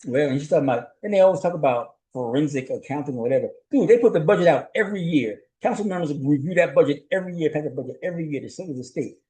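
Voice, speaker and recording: A male journalist hosts his own show, talking through a solo commentary recap. His voice sits a little high for a man. He talks in a loose, rhetorical way, keeps checking in with "right?", and chuckles as he goes. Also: animated, racing, few pauses, dark tone, rough recording. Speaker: host and journalist.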